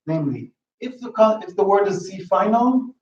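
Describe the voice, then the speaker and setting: A man giving an academic talk in linguistics, halting and restarting often, checking in with the audience. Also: high-pitched, expressive, darkish tone, recorded from a distance. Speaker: linguistics lecturer. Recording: roomy lo-fi hall recording from afar.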